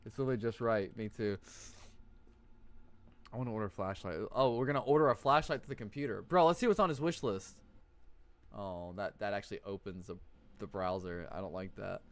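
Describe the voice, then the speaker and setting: A man's voice: lowish voice, brisk. A man streaming live, joking and cursing while reading game text aloud and commenting on his play. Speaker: streamer playing a horror game.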